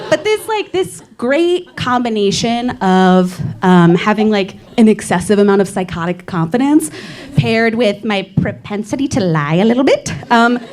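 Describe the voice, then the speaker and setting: A young stand-up comedian does her set in a comedy club, self-mocking and playful, often dissolving into laughter. She speaks at a medium pitch with a darkish tone.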